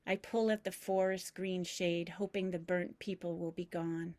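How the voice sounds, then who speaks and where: A woman reads her own memoir aloud, slowly and reflectively, letting each phrase settle. Her voice sits fairly low, and the recording is close and completely dry. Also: level tone, darkish tone, dry recording. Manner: measured, reflective, deliberate pauses. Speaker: memoir reader. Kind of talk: reading a personal memoir aloud.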